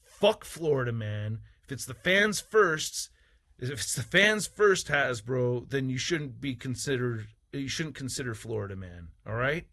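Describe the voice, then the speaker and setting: Husky, heated man ranting. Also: mid-range voice, lively intonation, a little slow, pushed and bright. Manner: heated, profane, combative; mocking, sarcastic asides. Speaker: toy reviewer. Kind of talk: ranting opinion vlog.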